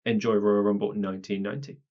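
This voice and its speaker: A man's voice: fairly low pitch, level tone, fast, noisy background. A man co-hosting a wrestling podcast and leading a casual chat, steering the talk through the event. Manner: leads the talk and walks his co-host through the event. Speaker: podcast co-host. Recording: dull lo-fi podcast audio.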